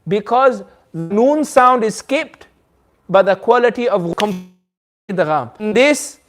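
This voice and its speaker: High-voiced man teaching a recitation class. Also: animated, slow, a bit bright, soft background music. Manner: patient, quizzes the class, models recitation aloud. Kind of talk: classroom lesson. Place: community centre classroom.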